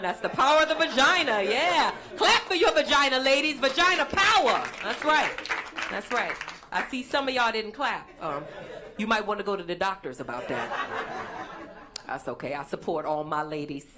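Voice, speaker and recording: A young woman performing a crude, punchy stand-up set on a stage mic. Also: medium pitch. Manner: brassy, crude, punchy delivery. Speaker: stand-up comedian. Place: comedy show stage before an audience. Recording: noisy live show with crowd.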